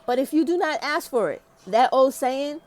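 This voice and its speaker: Woman, YouTube commentator, fired-up and cursing, slightly high voice. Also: animated, normal speed, a little mellow. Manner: profane, ranting and emphatic. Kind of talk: heated opinion monologue.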